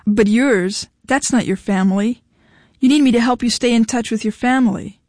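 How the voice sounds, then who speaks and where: A woman's voice: on the high side, normal speed, darkish tone, no room sound, studio quality, lightly acted. A woman reading the lines of a desperate, insistent husband whose voice cracks, in an audiobook. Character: desperate pleading married man.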